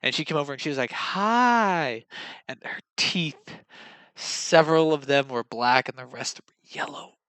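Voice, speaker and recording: Bright rambling young man telling stories. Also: mid-range voice, steady tone, normal speed, smooth, no room sound. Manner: rambling, self-mocking, acts out quotes. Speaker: vlogger. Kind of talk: casual storytelling monologue.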